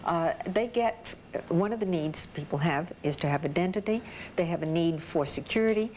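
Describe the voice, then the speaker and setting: Female psychologist guest, deliberate explainer, lower pitch, faint rumble. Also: darkish tone. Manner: slow, explanatory. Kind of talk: panel discussion. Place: TV studio.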